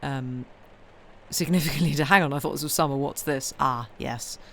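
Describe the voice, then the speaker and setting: A woman's voice: extremely low pitch, moderate pace, a little hiss or hum. Tired, chatty woman. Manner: rambling and chatty, replies to chat messages, many ums. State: tired, yawning. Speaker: livestream host reading books aloud. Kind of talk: casual chat with viewers.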